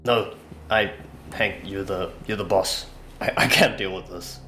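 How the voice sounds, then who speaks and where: A man at a tabletop game chatting casually with excitable asides. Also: low voice, measured pace, faint music behind. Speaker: player.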